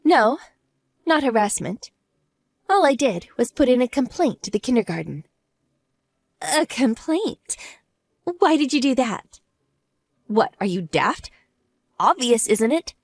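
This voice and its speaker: A woman plays a wronged wife in an audio drama, cool and mocking. Her fairly high voice moves with lively, sarcastic turns. The sound is dry and close. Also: no room sound, full character voice. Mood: smug. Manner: smug, sarcastic, unhurried.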